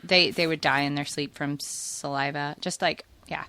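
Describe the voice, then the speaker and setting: A woman's voice: deep voice, fairly even intonation, normal speed, creaky, sharp tone, clean tone, no echo. A woman, the host's wife, chatting casually on a podcast, explaining at length with lots of fillers. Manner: rambling, explanatory, filler-heavy. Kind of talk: casual chat.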